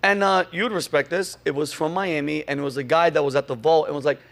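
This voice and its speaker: A man hosting a comedy podcast, ranting in a loud, animated way and swearing freely. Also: fairly high pitch, creaky. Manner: animated, swearing, quick asides to crew.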